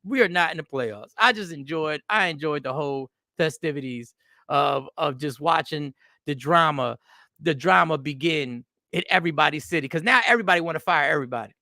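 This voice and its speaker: A man hosting a podcast, telling rambling stories in a loose, animated comedic monologue. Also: on the high side, moderate pace, dry recording, clean studio sound. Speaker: podcast host.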